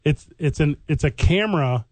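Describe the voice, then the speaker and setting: A man with a slightly high voice co-hosts a sports radio show and rambles through jokey stories. The sound is dry and close, with no room echo. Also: expressive, normal speed, a little mellow. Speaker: sports radio co-host and stand-up comedian. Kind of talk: joking radio banter.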